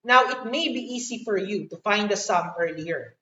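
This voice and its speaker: A woman with a Filipino accent teaching a live online math lesson, slow and encouraging. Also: mid-range voice, lively intonation, sharp tone. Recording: echoey room, distant dull mic.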